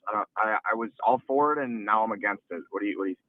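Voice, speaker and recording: A man calling in to a radio show, quick and hesitant, tripping over his words. His voice comes through dry and dull over the phone line. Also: on the low side, no room sound. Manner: hesitant, stumbling. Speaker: first-time caller. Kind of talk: casual radio phone call.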